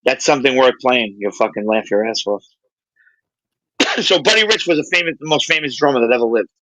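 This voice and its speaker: Male livestream host, bright and dry, profane animated storyteller. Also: mid-range voice, fairly quick, no echo, poor audio. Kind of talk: casual chat on a livestream.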